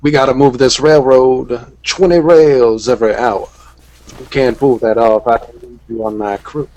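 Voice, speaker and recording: Gruff frontier railroad boss, put on by a man, bossy, drawling orders. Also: mid-range voice, fairly even intonation, moderate pace, a little mellow, close to an everyday voice, low-quality recording.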